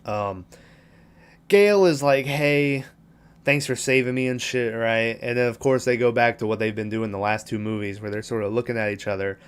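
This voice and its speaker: A man's voice: mid-range voice, moderate pace, clean tone. A man casually recapping a film on a podcast, rambling and swearing as he acts out characters' lines. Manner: profane, rambling retelling with quoted lines. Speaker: podcast host.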